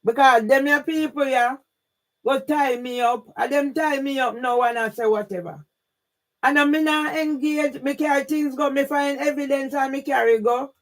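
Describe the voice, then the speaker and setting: A woman with a Jamaican accent ranting on a live stream, emphatic, often shouting and swearing, with frequent questioning tags. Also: high-pitched, normal speed. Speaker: YouTube livestreamer.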